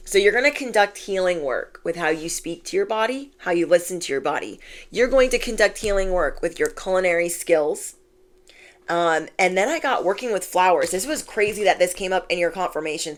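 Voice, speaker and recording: A woman giving a casual spiritual reading, chatty and affirming, often saying "like". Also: lowish voice. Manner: chatty and affirming, heavy use of "like". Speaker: intuitive card reader.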